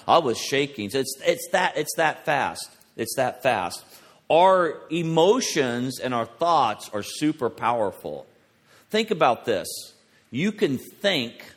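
Man preaching in a reverberant hall. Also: mid-range voice. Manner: animated, conversational preaching with personal stories. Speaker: pastor. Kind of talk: sermon.

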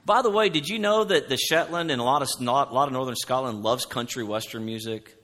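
A man preaching a sermon, loud and animated, telling stories from the pulpit. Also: mid-range voice, fairly quick. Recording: long hall reverb.

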